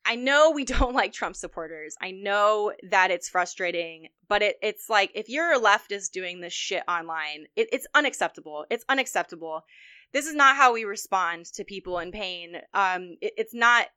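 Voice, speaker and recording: A woman's voice: mid-range voice, expressive, moderate pace, pushed and bright, clear, resonant tone. A woman co-hosting a podcast, ranting heatedly about politics in a casual, profane way. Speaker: podcast co-host.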